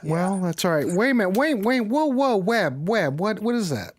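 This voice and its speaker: Excitable, teasing male host. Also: high voice, moderate pace. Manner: excitable and teasing, swears freely. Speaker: show host. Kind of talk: casual livestream chat.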